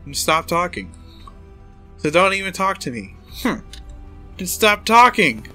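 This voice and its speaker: A man's voice: sits high, huge pitch swings, normal speed, bright, forceful tone, husky, faint music behind, voice pushed up, full character voice. A man voicing a bratty, pouting young girl who snaps at people. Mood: huffy. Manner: huffy, snapping.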